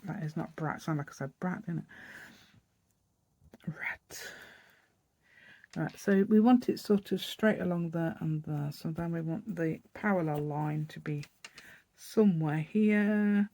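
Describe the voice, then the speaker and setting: A woman's voice: fairly low pitch, a little mellow. A woman with an East Midlands English accent, chatting and rambling as she demonstrates a paper craft project step by step. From East Midlands, England. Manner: rambling, chatty, thinking aloud while working. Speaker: craft channel host. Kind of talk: casual crafting tutorial.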